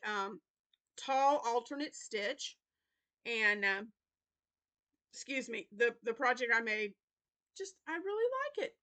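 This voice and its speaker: A woman's voice: fairly high pitch, bright, forceful tone. A woman hosting a crochet channel, chatting casually through her weekly plans with lots of fillers, apologizing as she yawns. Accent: Southern US. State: yawning, tired. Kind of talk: casual weekly update vlog.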